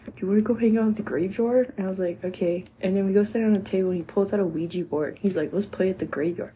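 A blunt woman in casual conversation who punctuates everything with swearing. Her voice is mellow and warm, set at a middle pitch, with a faint noise in the background. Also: muffled recording. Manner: blunt, emphatic, heavy swearing. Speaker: podcast co-host. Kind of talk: casual chat.

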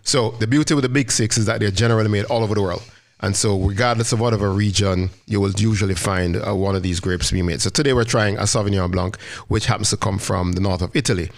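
A man's voice: fairly low pitch, fast, creaky. A man co-hosting a wine podcast, casually explaining wine regions and grapes in a teaching way. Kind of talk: casual chat.

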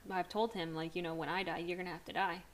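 A woman's voice: on the low side, flat delivery, fast, slight background noise. A young woman co-hosting a podcast in casual chat, telling stories with dramatic retellings and swearing freely. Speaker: podcast co-host.

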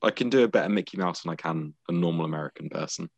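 British man, low voice, podcast co-host, self-deprecating banter, dry sound. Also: very fast, creaky, no echo, highs cut off. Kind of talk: casual chat.

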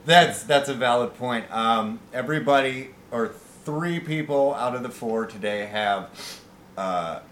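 A man co-hosting a casual comedy podcast, making quick, wry asides. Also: mid-range voice, fairly bright tone, a little hiss or hum. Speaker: podcast co-host. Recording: echoey room.

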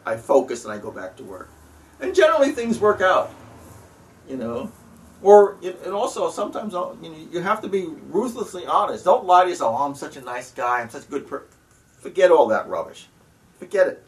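Earnest man, slightly distant mic. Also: fairly high pitch. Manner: earnest, halting, frequent soft laughs and "you know". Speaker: spiritual practitioner sharing advice. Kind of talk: casual reflective talk.

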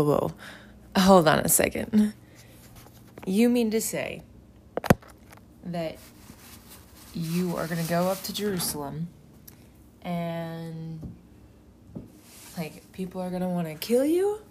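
A woman's voice: on the low side, lively intonation, slow, pauses often, mellow, slight background noise. A woman voicing an earnest adult male fisherman apostle who talks in a casual, reassuring way. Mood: alarmed. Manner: casual and reassuring, full of "like" and "whoa".

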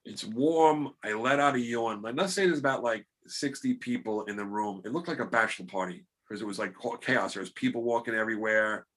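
A man's voice: lowish voice, brisk, few pauses. Rambling middle-aged man telling a story. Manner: rambling, self-deprecating, animated quotes. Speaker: podcast host. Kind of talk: casual storytelling chat.

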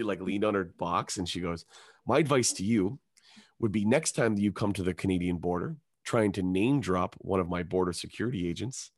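Man, comedian, casual storytelling, animated, swears a lot, acts out voices. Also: mid-range voice. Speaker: comedian guest.

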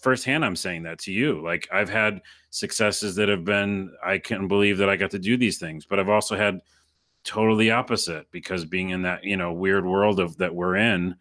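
A playful, animated man talks in a casual conversation. His voice is lowish in pitch but carries a crisp, bright edge. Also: normal speed.

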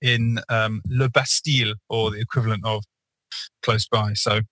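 A man's voice: fairly low pitch, steady tone, moderate pace, a bit bright, no room sound, poor audio. A man co-hosting a podcast, telling a rambling story in casual chat with many fillers and restarts. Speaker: podcast co-host.

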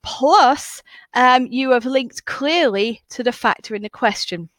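A woman's voice: sits high, unhurried, fairly bright tone, no echo. A woman hosting a history podcast, chatty, upbeat and encouraging as she explains how to write essays. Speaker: podcast host and history teacher. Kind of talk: casual educational podcast.

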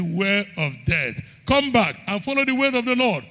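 Male preacher, high bright voice, call-and-response sermon delivery, long hall reverb. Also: very animated, moderate pace. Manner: call-and-response questions to the congregation; reads scripture in King James wording, rising and falling emphasis.

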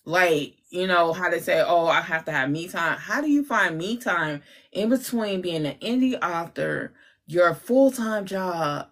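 Low-voiced woman host asking questions. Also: expressive, a bit bright. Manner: supportive listener, quick follow-up questions. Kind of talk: casual interview chat.

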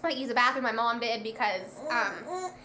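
A young woman tells a story casually with lots of energy, acting out every quoted line. Her voice sits a little high and sounds bright and forceful. A faint hum of ambient noise stays underneath. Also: moderate pace. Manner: animated, lots of "like", acts out quoted lines. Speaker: guest telling a birth story.

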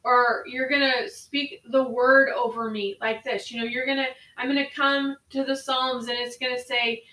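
A podcast co-host with a bright, fairly high voice offers spoken prayer and devotional talk, earnest and prayerful, returning to her phrases again and again. Her pitch barely moves and her pace is moderate. She sits somewhat far from the mic in an echoing room.

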